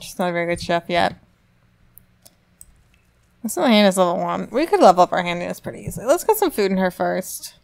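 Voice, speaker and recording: A woman's voice: on the low side, animated, quick pace, gravelly, long pauses. A young adult woman giving casual commentary while she plays a life-simulation game, chatty and reacting aloud to what happens. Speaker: let's play gamer.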